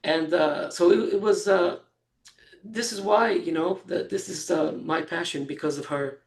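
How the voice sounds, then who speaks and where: A man in his sixties, a guest in an interview, telling a personal story in a halting way, with fillers and soft laughs between phrases. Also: on the high side. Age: 60s.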